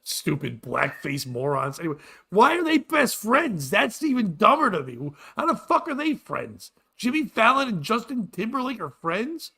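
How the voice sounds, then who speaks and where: High-voiced man ranting profanely. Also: moderate pace, vocal fry, husky. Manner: profane, loud, animated ranting. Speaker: podcast host. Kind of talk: crude comedic rant.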